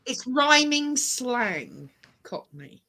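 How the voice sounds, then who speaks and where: A woman's voice: high-pitched, sing-song, drawn-out words, pushed and bright. British woman, broadcaster-style diction. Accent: British, trained broadcaster-style. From England. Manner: chatty, explains at length, trails off and restarts. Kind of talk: casual group chat.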